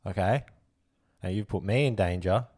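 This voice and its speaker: Exasperated low-voiced Aussie podcast host. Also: male voice, moderate pace, breathy edge, no echo, clean studio sound. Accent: Australian. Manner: animated, exasperated, swears freely. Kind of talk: comedic podcast sketch.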